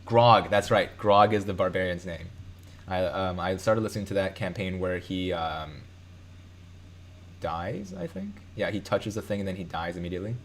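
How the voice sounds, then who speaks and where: A man's voice: low-pitched, expressive, normal speed, a little hiss or hum. A man from Chicago hosting a live stream, reading out viewer comments in a loose, rambling way with many fillers and self-corrections.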